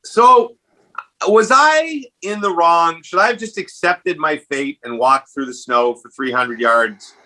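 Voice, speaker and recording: A man hosting a casual podcast chat, telling a story animatedly and jumping up in pitch when acting out quotes. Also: slow pace, pushed and bright, poor audio. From Canada. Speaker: podcast host.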